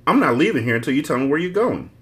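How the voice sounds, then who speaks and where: A jealous young man whines and pleads, then turns accusing, as a male reader voices him. The reader lifts his pitch and lets it swing widely. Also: very animated, racing, a bit bright. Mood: pleading.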